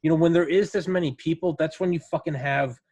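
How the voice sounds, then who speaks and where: A man's voice: fairly high pitch, fairly even intonation, quick pace, darkish tone, breathy edge. A man in casual podcast chat, telling profane stories and quoting friends' voices. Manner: profane, storytelling with quoted voices.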